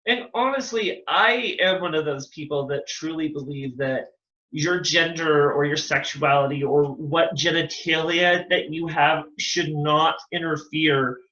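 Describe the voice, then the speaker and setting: Drag queen host, bright sharp voice, echoey room, muffled lo-fi audio, enthusiastic. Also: medium pitch, a little slow. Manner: enthusiastic, complimentary. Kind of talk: casual interview chat.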